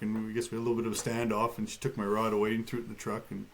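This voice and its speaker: A man's voice: on the low side, flat delivery, very fast, hardly any pauses. A man, a guest on a talk show, telling a personal story in a matter-of-fact way with touches of light humor and frequent fillers. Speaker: guest, bear attack survivor.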